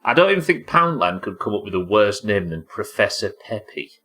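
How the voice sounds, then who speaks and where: A streamer man talks his way through a game, his voice bright and lively and swinging up and down as he panics and swears. He narrates every move to himself and to the chat. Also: lowish voice, a little fast, breathy edge. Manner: excitable, sweary, talking to himself. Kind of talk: live gameplay commentary.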